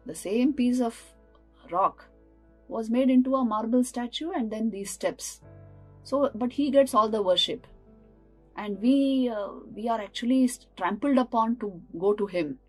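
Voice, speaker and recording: A woman's voice: fairly high pitch, a little slow, darkish tone, faint music behind, rough recording. A woman voicing a group of marble temple steps who grumble about being trampled while the statue is worshipped, in a complaining tone. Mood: resentful. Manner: aggrieved, complaining.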